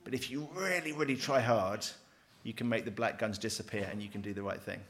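A middle-aged man lecturing on theology from a handout, lively, with wry, self-deprecating asides. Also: on the low side, fairly quick. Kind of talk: teaching with a handout.

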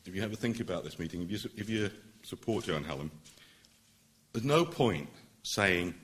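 A middle-aged man, a barrister, addressing a public meeting in an earnest, emphatic way that builds to forceful points. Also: deep voice, lively intonation, moderate pace. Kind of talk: public speech.

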